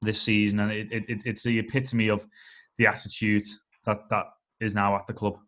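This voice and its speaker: Measured man talking football. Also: lowish voice, level tone, a bit bright, dull audio. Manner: measured, analytical, leans on "I think" and "um". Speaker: podcast co-host. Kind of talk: casual football chat.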